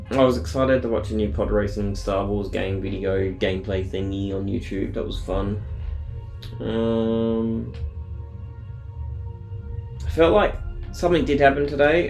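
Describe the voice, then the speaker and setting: A man's voice: fairly low pitch, fairly even intonation, measured pace, creaky, pauses often, a little mellow, roomy sound, faint music behind. A man telling a daily diary vlog in a rambling, blunt, profane casual way. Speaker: vlogger.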